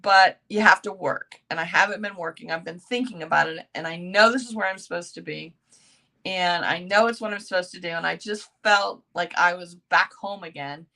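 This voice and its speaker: A woman's voice: on the low side, moderate pace, creaky, pushed and bright. A middle-aged woman hosting a casual motivational chat, talking in a rambling, self-mocking way. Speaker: host.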